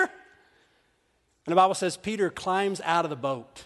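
Male pastor preaching, high voice, lively storyteller, long hall reverb. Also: measured pace. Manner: animated storytelling, laughing often. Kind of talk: sermon.

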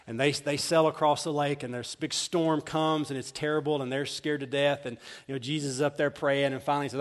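A man, a pastor, preaching a sermon with animated storytelling and frequent laughter. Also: mid-range voice, brisk. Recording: long reverb of a large hall.

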